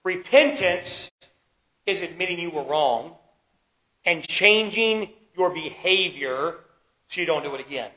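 A man preaching a sermon as pastor, swinging between loud emphatic lines and quiet ones, slowing down to stress key words. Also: a little high, lively intonation, rough recording. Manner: preaching with dramatic shifts in loudness and pace.

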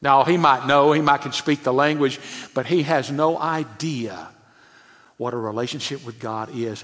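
A male pastor preaching a sermon with emphasis, often dropping to a hushed, low voice. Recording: long church-hall reverb.

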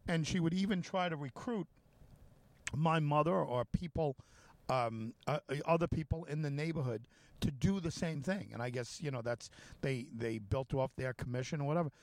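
Hesitant man chatting, fairly high voice. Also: moderate pace, no room sound. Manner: hesitant, many restarts and fillers, laughs easily. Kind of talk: casual chat.

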